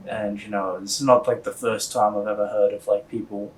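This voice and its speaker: A young man telling a story in a casual, deadpan interview, rambling with lots of fillers. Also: fairly low pitch, fairly quick, distant mic, a little hiss or hum, low-quality recording. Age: young adult.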